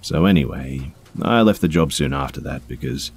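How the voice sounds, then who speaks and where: A man's voice: very deep voice, expressive, moderate pace, gravelly, a little hiss or hum. A man reading first-person stories aloud in a conversational way, with small fillers along the way. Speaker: storyteller.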